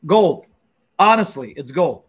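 A man's voice: on the high side, expressive, a little slow, husky. A man hosting a Christian apologetics stream, commenting emphatically on a played clip, repeating key words and addressing viewers directly. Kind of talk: commenting on a played video, livestream.

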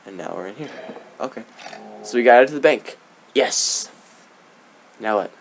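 A young man chats his way through a game with loose, rambling commentary. He giggles between thoughts and drops dry, sarcastic asides. His voice sits at an ordinary middle pitch. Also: lively intonation, moderate pace, creaky, a little hiss or hum. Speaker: let's play gamer. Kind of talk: casual gameplay commentary.

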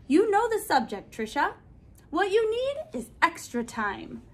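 A gentle, encouraging male schoolteacher from a storybook, voiced by a woman reading aloud. He speaks slowly and kindly in a fairly high voice, coaxing a shy pupil along. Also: sing-song, exaggerated voice.

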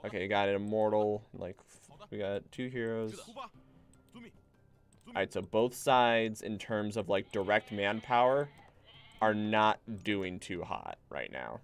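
Man, low voice, casual gameplay commentary, rambling, bossy toward his units, faint music behind. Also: measured pace. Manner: rambling, bossing units around, swears casually. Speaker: streamer.

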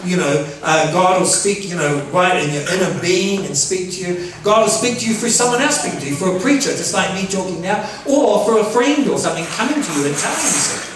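A high-voiced man preaches in a lively, playful way, laughing at his own jokes and pressing his listeners for amens. His voice comes from some way off the mic in a very echoey church hall. The congregation answers him now and then. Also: quick pace, hardly any pauses, distant mic, background noise. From New Zealand. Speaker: pastor. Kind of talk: sermon.

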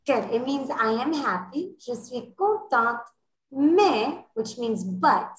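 A woman teaching an online French class to children, encouraging them and modeling phrases slowly and clearly over a video call. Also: high voice, big pitch swings, reverberant, low-quality recording.

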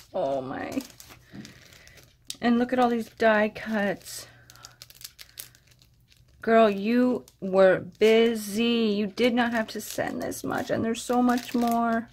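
Female vlogger unboxing crafts, high-ish voice, unhurried, gasping and gushing. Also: slight background noise. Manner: gushing, breathy gasps of delight; soft-spoken, addresses her friend directly. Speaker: crafting vlogger opening mail. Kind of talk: casual unboxing chat.

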